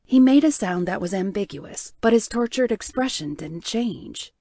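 A woman with a medium-pitched voice narrates an audiobook from a script, reading in a measured, even storytelling style. The recording is dry and studio quality.

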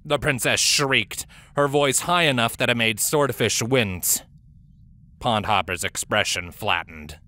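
A man narrating a fantasy audiobook in an even storytelling manner. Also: mid-range voice, measured pace, slight background noise.

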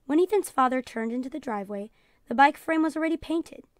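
A woman teacher reading a children's storybook aloud in a calm storytelling voice, announcing page numbers. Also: sits high, fast talker, no echo, studio quality. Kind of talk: children's read-aloud narration.

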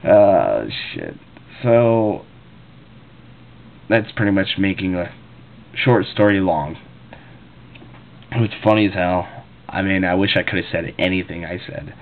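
A man's voice: low voice, fairly even intonation, normal speed, pauses often, narrow, tinny audio, a little hiss or hum. A man, a cashier, casually telling a rambling story with profane, laughing asides.

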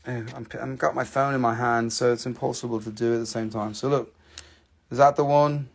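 A man's voice: mid-range voice, fairly even intonation, fairly quick, creaky. A man hosting a live stream that sells stones, chatting casually, joking and swearing as he goes. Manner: joking, profane, chatty patter. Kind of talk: casual live sales chat.

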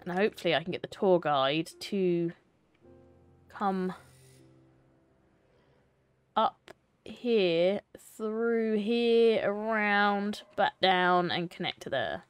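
Woman streamer, slow lively commentary. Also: mid-range voice, clear, resonant tone, no room sound, faint music behind. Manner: chatty, talks to herself and to game characters. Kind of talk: casual gameplay commentary.

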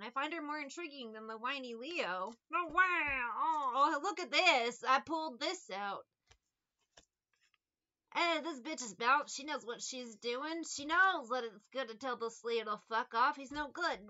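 Sharp, high-voiced woman, profane and mocking, reading tarot casually. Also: lo-fi sound. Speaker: tarot reader.

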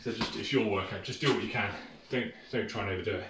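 A British fitness instructor with a fairly low voice talks fast as he leads a workout from a room in his home. His manner is casual and encouraging, his phrasing loose, and he's slightly winded. The audio, taken from a far camera mic, is noisy, roomy and distant.

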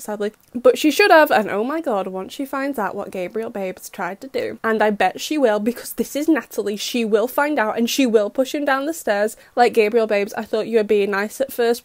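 A woman's voice: fairly high pitch, no echo. Gushing young woman fan recapping. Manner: gushing, excitable fangirl chatter. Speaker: fan reaction host. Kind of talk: casual episode recap.

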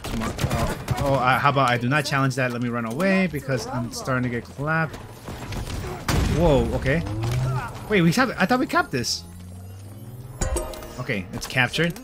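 A young man giving casual, slangy gameplay commentary, swinging between mumbles and loud excited outbursts. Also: mid-range voice, normal speed, long pauses, music in the background. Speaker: gamer. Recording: game gunfire loud behind voice.

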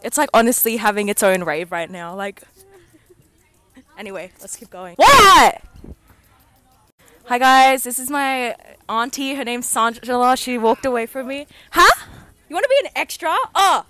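A woman's voice: on the high side, normal speed, fairly bright tone, no echo. A teenage girl with an Australian accent, rambling and giggling as she vlogs her way around school grounds outdoors on a handheld phone. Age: teens. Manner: giggly, rambling, self-mocking. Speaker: student vlogger. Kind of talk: casual vlog.

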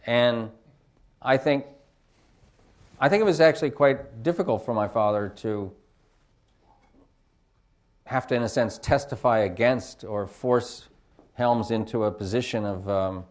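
A man's voice: medium pitch, measured pace, pauses often. A film director on a panel, answering reflectively and searching for his words with many fillers. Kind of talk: panel discussion.

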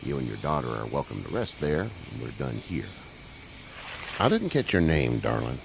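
An actor playing a wary but kind older male farmer who talks in a slow, folksy, measured way, from a video game. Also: a bass voice, huge pitch swings, creaky, heavily acted. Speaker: farmer offering shelter. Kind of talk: game voice acting. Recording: game audio with loud cricket noise. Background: crickets and night ambience.

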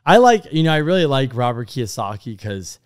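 Guy cohosting a podcast, mid pitch, rambly and animated, keeps restarting his sentences. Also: fairly quick. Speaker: podcast co-host. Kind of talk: casual chat.

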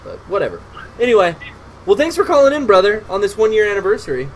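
High-voiced man chatting on a game stream. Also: sing-song, fast, a little hiss or hum, low-quality recording. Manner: loose, profane, talks to chat while playing. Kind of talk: casual gameplay stream chat.

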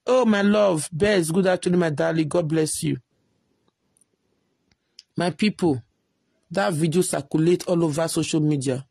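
A woman speaking Nigerian Pidgin English, rambling and animated as she comments on gossip and pleads with her viewers. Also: low voice, unhurried, gravelly, pauses often, slightly rough, no room sound, studio quality. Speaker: online commentator.

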